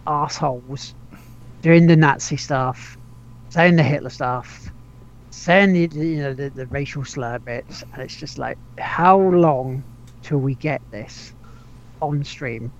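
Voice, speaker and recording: A man chats loosely as a podcast host, tripping over restarts, laughing and dropping casual swears. His voice sits a little high for a man. The audio is dull and lo-fi. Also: slow. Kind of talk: casual gaming chat.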